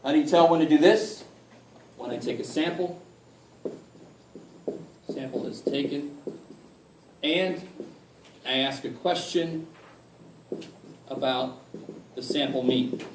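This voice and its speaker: Joking math teacher in an echoey classroom. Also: male voice, fairly high pitch, slow, pauses often, distant mic, noisy background. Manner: informal and joking, mild swearing, asks the class for help. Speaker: math instructor. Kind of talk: casual classroom lecture. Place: college classroom. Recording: echoey room picked up from afar.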